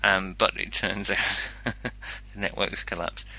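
Guy running a zombie tabletop game, really bright voice, lots of ums and laughs. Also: sits low, little pitch movement, slow. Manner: chatty, laughs often, many ums. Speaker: game master. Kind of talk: narrating a tabletop horror game.

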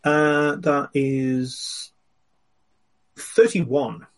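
A man playing a tabletop game, speaking in a wry, hesitant way with many ums and pauses. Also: a little high, steady tone, a crowd in the background. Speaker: player. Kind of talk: casual tabletop game chat.

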